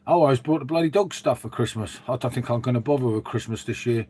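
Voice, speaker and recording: A man's voice: mid-range voice, fast talker, a little mellow, slightly rough. Chatty man on a livestream. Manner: chatty, rambling, says "mate" a lot, reads and answers viewers. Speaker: livestream host. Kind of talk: casual live-stream chat. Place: dim room at home.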